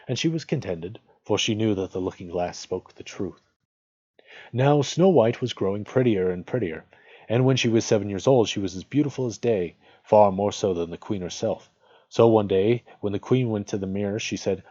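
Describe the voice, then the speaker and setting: A man reading a fairy tale aloud at a measured, unhurried pace, as host of a regular reading. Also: on the low side, dark tone, no room sound, dull audio.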